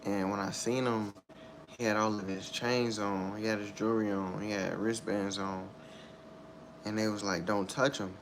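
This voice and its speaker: A young man with a low-pitched voice speaks candidly about a personal loss. His telling is halting and subdued, looping back over the same phrases. A faint hiss sits under the voice. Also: level tone. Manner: halting, repetitive, subdued storytelling. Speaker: storyteller sharing a personal loss.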